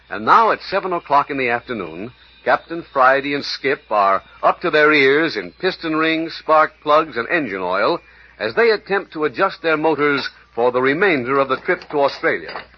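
A man's voice: mid-range voice, breathy edge. A man narrating and announcing a 1940s radio adventure drama with a dramatic delivery. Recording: dull old radio broadcast.

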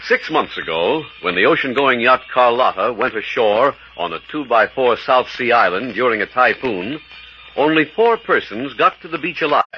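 Husky guy narrating old radio adventure, animated voice, dull sound. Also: medium pitch, slight background noise. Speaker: narrator and announcer.

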